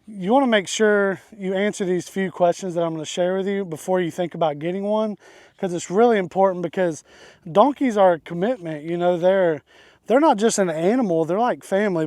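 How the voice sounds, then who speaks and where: A man's voice: sits high, fairly quick, darkish tone, no room sound, clean studio sound. A man hosting a casual farm vlog outdoors, talking in an easygoing, rambling way and chuckling often. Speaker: farm channel host. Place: outdoors on a farm beside a donkey.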